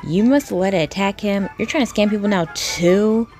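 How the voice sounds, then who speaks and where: A woman's voice: mid-range voice, normal speed, darkish tone, faint music behind. A woman reacting to comments in casual commentary, blunt, indignant and profane. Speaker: video creator reacting to comments.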